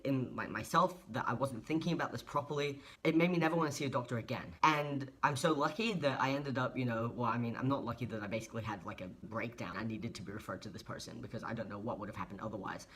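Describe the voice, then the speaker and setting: A man's voice: mid-range voice, a bit bright. Earnest young man vlogging. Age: 20s. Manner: earnest, heartfelt, emotional. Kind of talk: personal vlog monologue.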